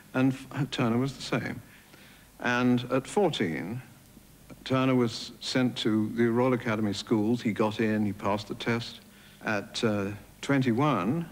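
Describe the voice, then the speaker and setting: A man's voice: mid-range voice, in a large hall, poor audio. A man recounting an artist's early life in anecdotal style, with small restarts, for a documentary. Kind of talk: documentary storytelling.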